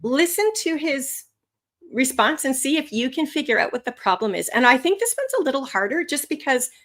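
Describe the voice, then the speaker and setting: A woman teaches a live online class with real energy. Her voice sits a little high and swoops up and down for emphasis. She laughs easily and keeps the tone friendly and encouraging. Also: fairly quick. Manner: animated, swooping pitch for emphasis; laughs often. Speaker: language test instructor.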